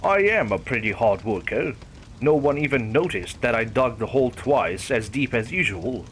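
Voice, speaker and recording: A man's voice: medium pitch, expressive, moderate pace, fairly bright tone, a little hiss or hum, lightly acted. Guy doing a creepy cheerful grave digger, teasing and totally matter-of-fact, storytime horror. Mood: gleeful.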